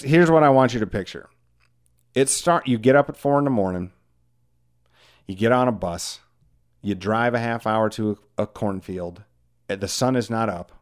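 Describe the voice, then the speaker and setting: Podcast host, forties, male, lowish voice; loose, self-deprecating monologue. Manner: rambling, candid, self-deprecating, lots of "like". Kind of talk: casual monologue.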